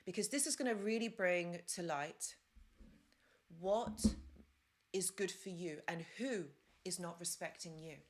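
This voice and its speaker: A woman's voice: lowish voice, measured pace. A woman hosting a live-stream advice talk, chatty and rambling, with fillers and side stories. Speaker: host.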